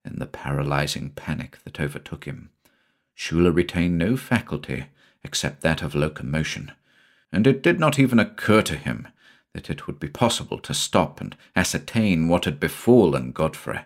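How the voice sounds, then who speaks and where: Deep-voiced man narrating a horror tale. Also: moderate pace. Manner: dramatic, expressive storytelling. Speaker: audiobook narrator. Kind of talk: scripted narration.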